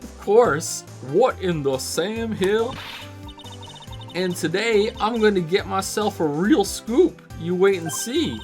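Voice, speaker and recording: Loud, folksy Southern-drawl woman photographer, high and excitable, voiced by a man. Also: slow pace, soft background music. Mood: excited. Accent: put-on American Southern drawl. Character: brash southern female paranormal photographer.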